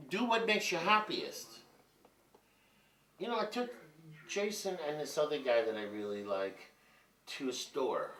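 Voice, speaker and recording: A man in his fifties telling rambling, profane stories in a candid monologue. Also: medium pitch. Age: 50s. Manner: profane, rambling, animated storytelling. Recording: roomy and distant from mic.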